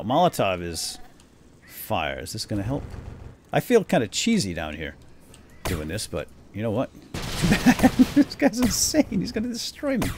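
A man hosting a let's play video, commenting on a boss fight with excited exclamations. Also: lowish voice, background noise. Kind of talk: gameplay commentary.

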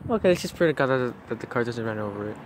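Lively young man cooing at a dog. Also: mid-range voice, very fast, noisy background. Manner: playful baby talk to a dog. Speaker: vlogger. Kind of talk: casual vlog chat.

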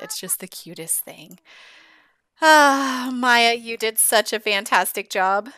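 A woman's voice: mid-range voice, unhurried, no echo, clean studio sound. A woman giving casual, gushing commentary while playing a life-sim game. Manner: chatty, gushing and excitable. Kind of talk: casual let's-play commentary.

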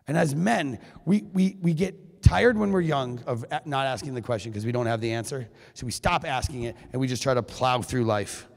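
A man giving a keynote talk at a men's conference, animated and joking, acting out quoted lines in his own voice. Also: medium pitch, moderate pace, gravelly. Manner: animated, jokey, acts out quotes. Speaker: keynote speaker. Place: high school venue. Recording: long hall reverb.

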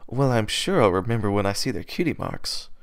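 A man's voice: on the low side, expressive, brisk, vocal fry, no echo, studio quality. A man voicing Rarity, a refined and fussy female unicorn pony, in a raised, affected genteel lilt. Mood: puzzled.

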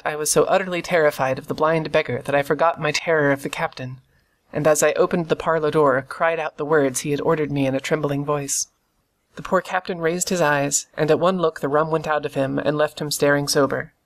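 An audiobook reader narrating a classic adventure novel in a steady, measured storytelling voice. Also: medium pitch.

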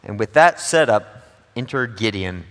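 A man's voice: fairly low pitch, expressive, a little slow, a bit bright. A male pastor preaching a sermon in a conversational, joking way, with a long church reverb. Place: church sanctuary.

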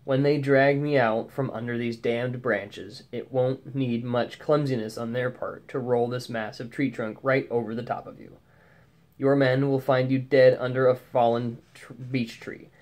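A man's voice: mid-range voice, a little mellow, close to an everyday voice. Snarling, mocking forest poacher, vengeful, read by a man in a story reading. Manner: mocking, savage.

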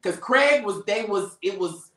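A man in a casual chat, giving a lively eyewitness account and acting out what people said. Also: high-pitched, a little slow, roomy sound. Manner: lively eyewitness retelling, acts out quotes.

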